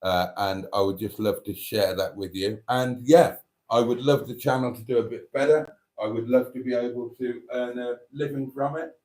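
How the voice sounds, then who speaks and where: A man's voice: medium pitch, steady tone, normal speed, darkish tone. A man hosting a live stream, chatting candidly and self-deprecatingly while reading viewer comments.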